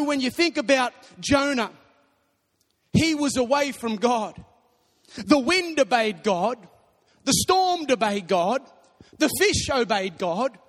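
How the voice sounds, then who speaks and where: High-voiced man preaching in a hall. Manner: animated storytelling, bursts into shouting. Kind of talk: sermon. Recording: long reverb of a large hall.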